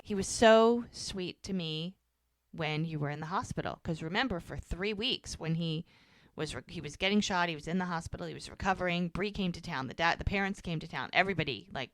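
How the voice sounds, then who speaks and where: Woman, podcast co-host, casual recap, acts out dialogue, low voice. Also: a little fast, no echo, studio quality. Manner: animated retelling, quoting characters with "she's like". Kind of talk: casual chat.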